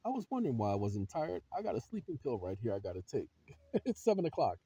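A man hosting his own channel, giving emphatic vlog commentary and firing rhetorical questions at viewers he calls ladies and gentlemen. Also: medium pitch, wildly swooping pitch, fast, husky. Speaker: channel host.

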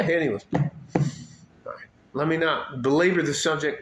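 A man's voice: a little high, normal speed, long pauses, a bit bright, echoey room. A man in his late fifties, ranting bluntly and profanely to his viewers, often breaking off mid-thought. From United States. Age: 50s. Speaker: vlogger. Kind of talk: unscripted rant to camera.

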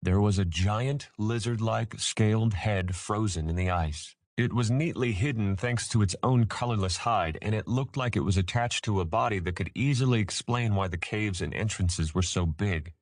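This audiobook narrator is a man with a lowish voice who reads his scripted text in a steady, measured manner. The studio sound is clean, without any room sound.

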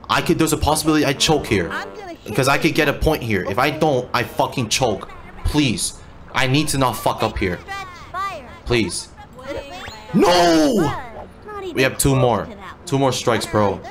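A man's voice: medium pitch, fairly bright tone. A man giving let's play commentary while gaming, frustrated, swearing and repeating himself, with game music behind. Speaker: gamer.

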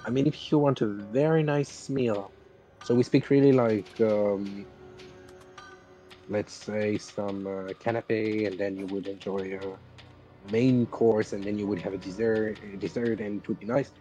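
Man, fellow player, mellow dark voice, halting word-searching chat, faint music behind. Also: fairly low pitch, steady tone, dull audio. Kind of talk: casual gaming chat.

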